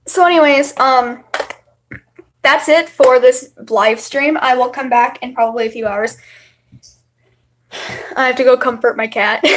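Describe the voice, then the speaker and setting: A young woman chatting casually and rambling on a home livestream. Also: on the high side. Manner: chatty and rambling, many fillers. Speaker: livestream host.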